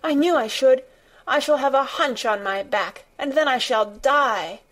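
A sickly, hysterical boy from a storybook, as a woman puts him on, high-pitched and choking through sobs. He gasps out each word, shaking with fright. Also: unhurried, a bit bright, rough recording. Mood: sobbing. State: sobbing, gasping.

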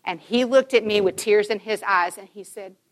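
A woman's voice: mid-range voice, moderate pace. A woman in her fifties giving a Christian conference talk to mothers, telling personal stories emphatically and acting out the dialogue.

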